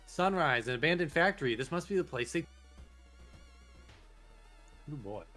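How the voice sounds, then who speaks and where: A man's voice: a little high, expressive, normal speed, pushed and bright, soft background music. A man casually commenting on a horror game with a friend, reading its text aloud, swearing and laughing often. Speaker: let's play host.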